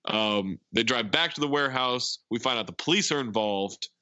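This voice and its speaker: A man's voice: medium pitch, expressive, moderate pace, bright, forceful tone, dry recording, muffled recording. A man hosting a podcast, casually retelling a movie's plot in a rambling way. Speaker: podcast host.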